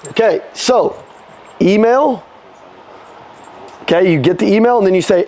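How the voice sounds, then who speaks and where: High-voiced man coaching a live sales room. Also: darkish tone. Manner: punchy call-and-response coaching; casual, swears, quick restarts. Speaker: sales trainer.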